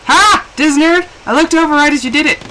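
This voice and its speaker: A woman's voice: high voice, brisk, a little hiss or hum, poor audio. A young woman chatting casually and animatedly while live-streaming a game. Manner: chatty and animated, with laughs and exclamations.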